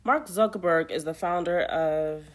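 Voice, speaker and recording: A woman's voice: on the low side, unhurried. A woman playing a trivia app, reading the questions aloud and muttering casual commentary to herself as she plays.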